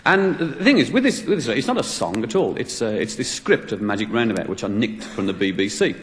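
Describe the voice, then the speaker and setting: Rambling Brummie comedian in an echoey hall. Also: male voice, on the low side, very animated, a little fast. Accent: Birmingham. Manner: rambling, chatty, self-mocking. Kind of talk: stand-up storytelling. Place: large hall with audience. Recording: echoey hall, loud background noise.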